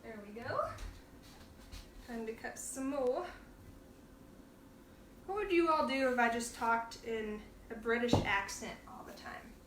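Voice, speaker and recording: A woman's voice: on the high side, unhurried, long pauses, far from the mic, slight background noise. A woman hosting a casual cooking demonstration in her home kitchen, chatting playfully and laughing often as she works. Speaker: cooking show host. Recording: roomy kitchen sound, from off the mic.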